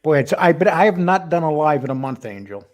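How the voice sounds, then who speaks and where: A man's voice: a little high, big pitch swings, a little fast, darkish tone. A man hosting a live stream in a casual, chatty way, greeting viewers by name one after another. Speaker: host of a live stream show.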